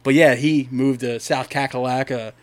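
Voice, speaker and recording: A man's voice: medium pitch, fairly even intonation, normal speed. A young man from Delaware co-hosting a podcast, telling long, profane, rambling stories in casual chat. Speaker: podcast co-host.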